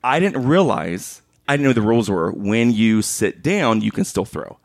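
A man's voice: lowish voice, big pitch swings, moderate pace, no echo, studio quality. A man telling a funny story in casual chat, acting out quotes and laughing often.

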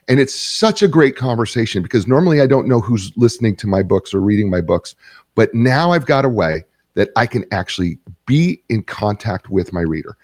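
A man hosts a talk show, introducing a guest and reading a sponsor message in a relaxed way, with frequent ums and uhs. His voice sits fairly low. The sound is dry and close. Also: brisk, no room sound. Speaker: radio show host.

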